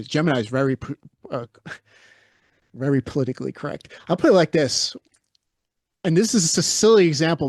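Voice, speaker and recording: A man's voice: mid-range voice, darkish tone, no echo, studio quality. A man co-hosting a podcast, chatting casually and telling stories in a blunt, opinionated way. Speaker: podcast co-host.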